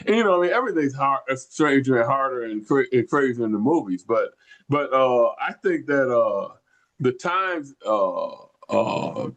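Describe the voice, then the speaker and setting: A man's voice: medium pitch, lively intonation, normal speed, a bit bright, dull audio. An older man from the Detroit area telling a long rambling story in casual chat, with many restarts. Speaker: podcast co-host.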